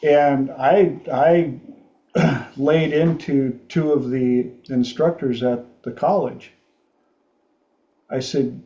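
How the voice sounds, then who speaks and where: Slow-talking man telling a story. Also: mid-range voice, fairly even intonation, dark tone, muffled recording. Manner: rambling, frank, with repeated restarts. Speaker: podcast host. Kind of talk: storytelling chat.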